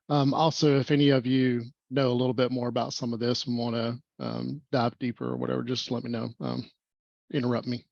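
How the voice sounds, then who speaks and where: Male meetup host on a video call, fast and rambling, a bit muffled, dry sound. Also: medium pitch, flat delivery, vocal fry, a little mellow, no room sound. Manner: rambling, fast, many fillers. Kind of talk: casual online meetup presentation.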